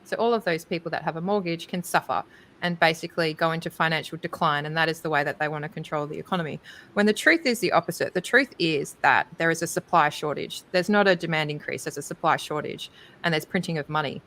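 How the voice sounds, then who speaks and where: A woman talking casually on a crypto panel, chatty and animated, with many ums and likes. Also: deep voice, fast talker. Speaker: crypto conference speaker. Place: livestreamed panel.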